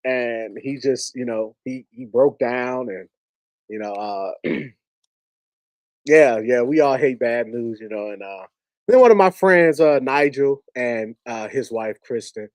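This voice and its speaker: A man's voice: medium pitch, measured pace, no echo. Earnest man telling a personal story. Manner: earnest, conversational, emotional storytelling. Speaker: podcast guest. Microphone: podcast studio mic.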